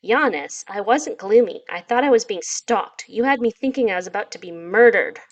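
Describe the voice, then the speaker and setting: Woman as a feisty young woman, sharp, scolding, natural voice. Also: medium pitch, lively intonation, normal speed, lo-fi sound, lightly acted.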